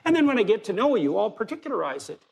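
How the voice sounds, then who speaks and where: A man answering in an interview clip, measured and lecturing as he lays out his reasoning. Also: high voice, sing-song, gravelly, slightly rough. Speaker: pundit in a played clip.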